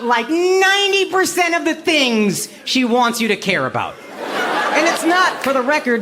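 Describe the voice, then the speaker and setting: A man's voice: high voice, fairly bright tone, a little hiss or hum. An American man in his thirties from Texas doing brash, profane stand-up comedy with crowd work, recorded live on stage.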